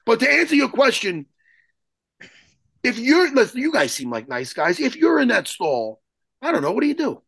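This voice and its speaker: A man telling a story as a guest in an interview, excitable and profane, rambling and restarting his sentences. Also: extremely high pitch, moderate pace, creaky, pauses often, husky, no echo. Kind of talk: animated storytelling in a podcast interview.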